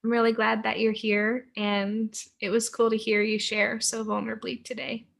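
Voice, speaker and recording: Encouraging woman coach with flat delivery. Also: on the high side, normal speed, vocal fry. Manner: warm encouraging affirmations. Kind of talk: group coaching call. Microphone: video call.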